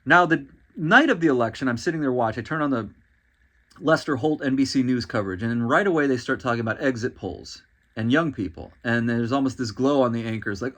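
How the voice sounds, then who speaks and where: A man's voice: medium pitch, a little fast, a bit bright. A man hosting a podcast, delivering a solo commentary monologue in an exasperated, ranting and sarcastic way. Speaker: podcast host.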